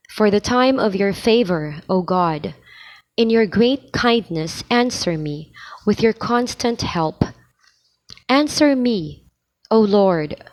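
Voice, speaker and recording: A woman reading church readings aloud slowly and deliberately, pausing between phrases to practise for lectors. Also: medium pitch, a little mellow, low-quality recording. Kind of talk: slow liturgical reading practice.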